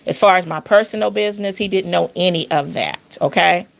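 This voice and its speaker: Woman w a bit of vocal fry just rambling thru a story, AAVE, gets animated on the big parts. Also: a little fast. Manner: animated, rambling, rising pitch on emphasis. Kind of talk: casual storytelling.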